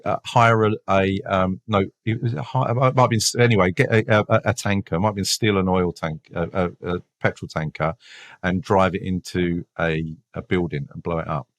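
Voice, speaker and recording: Low-voiced detective, dry close sound. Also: male voice, moderate pace, no echo. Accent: London English. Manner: animated, many restarts and repeated words; laughs while telling stories. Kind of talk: casual podcast storytelling.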